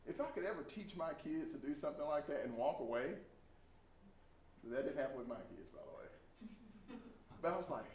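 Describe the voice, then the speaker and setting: A middle-aged man from Texas leads a training session, telling stories with animated flair. His voice sits a bit high for a man. He is picked up from across an echoey room, with a faint hum underneath. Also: normal speed, pauses often, distant mic. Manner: animated storyteller, acts out quoted voices. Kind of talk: storytelling training talk.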